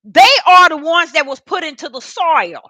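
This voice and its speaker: A high-voiced woman preaching to a live online audience, her pitch leaping and sinking as she goes. Her tone is bright and sharp, and she stresses points by repeating words, moving from loud cries down to near-whispers. The sound is close and dry. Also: expressive, moderate pace, no echo, rough recording. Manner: emphatic, repeats words, swings from shouts to soft murmurs; talks directly to the live chat audience. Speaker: preacher teaching a live-streamed Bible study. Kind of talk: preaching Bible study.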